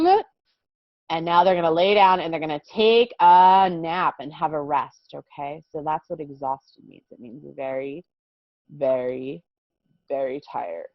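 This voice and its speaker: A young woman leads a vocabulary lesson for little kids, talking very slowly and patiently with a sing-song lilt. She keeps checking in with the children after almost every phrase. The sound is close and dry, and a bit dull and lo-fi. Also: sits low, dry recording. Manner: slow, patient, sing-song teacher talk with frequent "okay?" checks. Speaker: kindergarten English teacher.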